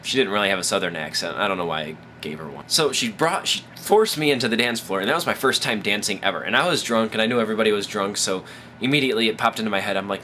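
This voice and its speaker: Drunk, bright-voiced rambling male vlogger. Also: lowish voice, quick pace, slight background noise. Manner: rambling, profane, animated. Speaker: vlogger, host of his own show. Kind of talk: casual advice vlog storytelling.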